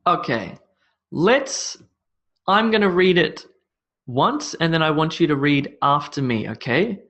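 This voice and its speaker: A man's voice: on the high side, expressive, measured pace, a bit bright. A man teaching English pronunciation, repeating words with shifting stress and laughing off his own slips. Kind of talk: spoken English lesson.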